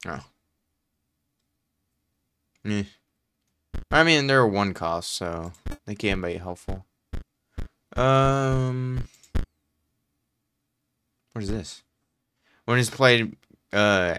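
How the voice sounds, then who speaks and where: A young man casually commentating his own gameplay, reading card text aloud with excitable reactions. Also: lowish voice, slow pace, long pauses, a little hiss or hum. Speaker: gaming let's-play host.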